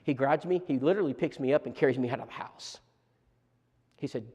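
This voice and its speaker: A man preaching a seminar lesson as a story, animated and repeating words in quick bursts. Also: medium pitch, muffled recording. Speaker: preacher teaching a church seminar. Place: church auditorium. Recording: long reverb of a church hall.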